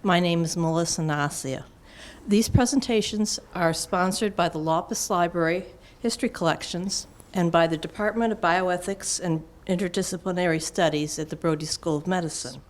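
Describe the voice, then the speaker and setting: Female host, lowish voice, formal read-out intro. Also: normal speed. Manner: formal, reading announcements. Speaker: event host. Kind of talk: scripted introduction.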